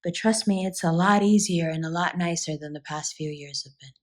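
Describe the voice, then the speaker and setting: A woman's voice: fairly low pitch, a little fast. A woman giving a spoken tarot reading, talking straight to her viewers in an earnest, reassuring way. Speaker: tarot reader.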